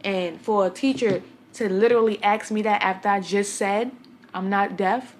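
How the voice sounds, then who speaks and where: Young woman vlogger from Brooklyn, medium-pitched, blunt and chatty, talks straight to her viewers. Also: fairly even intonation, moderate pace, slight background noise. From Brooklyn, New York. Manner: chatty, blunt storyteller addressing viewers directly. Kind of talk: casual talk to camera.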